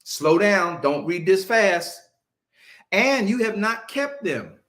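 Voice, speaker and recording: A male preacher teaching a Bible-study sermon, emphatic and conversational, drawing answers from his listeners and slowing down to stress scripture. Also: sits high, lively intonation, fairly bright tone. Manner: casual Southern-leaning vernacular, mocking asides.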